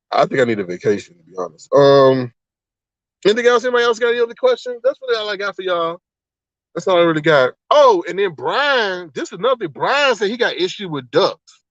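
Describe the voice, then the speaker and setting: A man hosting a livestream, chatting casually in a rambling, animated way, exclaiming and laughing often. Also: high voice, fairly quick, pauses often, dry recording. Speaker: livestream host. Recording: slightly dull, dry sound.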